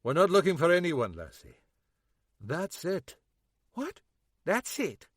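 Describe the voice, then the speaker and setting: A woman's voice: on the low side, big pitch swings, slightly rough, dry recording, clean studio sound, pitched above the performer's own voice, heavily acted. A man voicing an impatient, swearing female detective sergeant in an audiobook. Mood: urgent. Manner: sharp, swearing, quick-tempered. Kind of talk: audiobook character voice.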